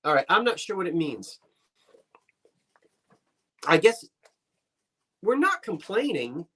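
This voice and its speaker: A man's voice: sits high, sing-song, takes it slowly, a bit bright, slightly rough. Playful teasing male co-host. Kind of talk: casual live-stream chat.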